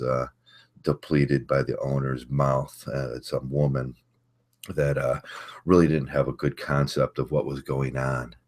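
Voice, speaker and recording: Super deep voiced guy rambling on his morning stream, chatting w/ viewers, lots of uhs. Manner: rambling, halting, many fillers and restarts; reads and greets chat viewers. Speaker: livestream host. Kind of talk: casual livestream chat.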